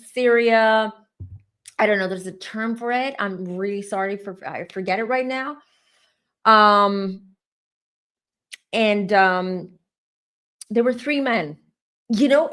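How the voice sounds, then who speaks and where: Talking directly to her audience, a tarot-reading psychic casually recounts a vision in a slightly high, somewhat bright voice. She's chatty throughout, telling the story to camera.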